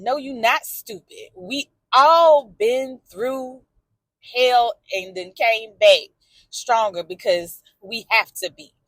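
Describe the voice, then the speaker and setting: A woman's voice: fairly high pitch, a bit bright, dry recording. A woman talking candidly in a personal vlog from her car, emotional and outspoken, swearing and answering back to a story she follows. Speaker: vlogger.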